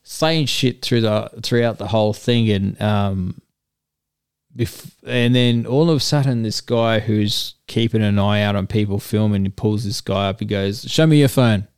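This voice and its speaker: A man tells a long, crude story in casual chat. His voice sounds smooth and resonant, and the room is dry and close. He jumps into other people's voices as he goes. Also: lowish voice, a little slow, dry recording. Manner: rambling crude anecdote, animated quoting. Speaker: storyteller guest.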